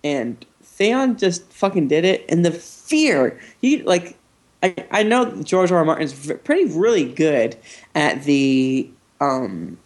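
A man hosting a casual podcast chat from a living room, talking in an animated, joking way and swearing freely. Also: a little high, takes it slowly.

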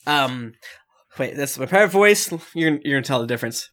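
A man running a tabletop game as dungeon master, animated and quick to laugh. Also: medium pitch. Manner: animated, laughs often, quick character voices.

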